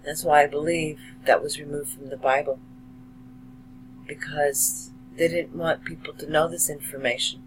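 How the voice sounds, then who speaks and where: A man slowly and emotionally addressing his viewers in a monologue about his beliefs. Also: a little high, little pitch movement, a little hiss or hum, rough recording. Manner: slow, emotional, heartfelt, dramatic pauses. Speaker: video blogger. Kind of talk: slow earnest monologue to camera.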